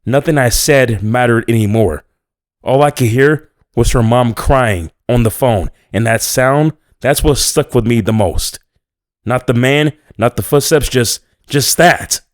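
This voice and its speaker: A man narrating a first-person horror story in a tense, measured way. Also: medium pitch, no room sound, clean studio sound.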